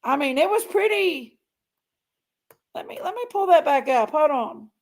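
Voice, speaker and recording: A woman hosting a true crime stream. Her voice is fairly high and has a gravelly fry, and she talks slowly. She speaks straight to her viewers and often trails off or repeats herself. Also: expressive. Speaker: true crime channel host. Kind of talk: casual livestream commentary.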